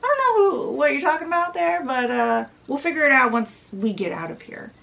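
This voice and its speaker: A woman voicing a brave, practical young miner boy in a raised, hurried voice while retelling a storybook. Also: a little high, lively intonation, vocal fry, pushed and bright, far from the mic, heavily acted. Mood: puzzled.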